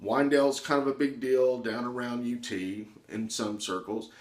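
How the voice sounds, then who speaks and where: A man telling a personal story in an animated way, acting out the voices of the people in it. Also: mid-range voice, moderate pace. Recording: echoey room.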